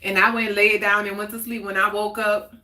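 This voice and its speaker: A woman in her forties hosts a live, casual heart-to-heart talk stream, chatty and candid, reading viewers' comments aloud and laughing often. Her voice is medium in pitch with little movement, brisk and sharp-toned. The room sounds echoey.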